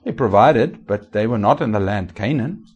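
Man preaching with loud and quiet swings. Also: on the low side, animated, moderate pace, slightly rough, lo-fi sound. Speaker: pastor. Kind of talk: sermon.

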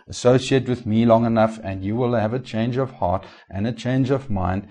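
A man preaching a sermon as pastor, asking the congregation rhetorical questions and swinging between raised and hushed delivery. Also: on the low side, normal speed, few pauses.

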